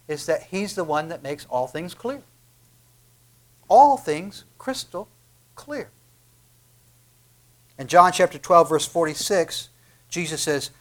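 A male pastor preaching a sermon, swinging from loud emphatic peaks to hushed, quiet asides. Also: fairly high pitch.

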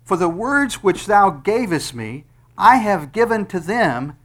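A man's voice: sits high, sing-song, a little slow. A middle-aged man preaching an expository sermon, reading scripture aloud and stressing key phrases emphatically. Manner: emphatic, rising on quoted verses.

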